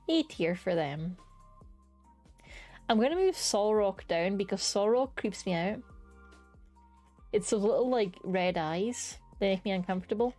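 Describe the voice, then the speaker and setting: A young woman with a medium-pitched, somewhat mellow voice gives casual live-stream commentary from home, eagerly ranking creatures and cursing now and then. She keeps hiccuping.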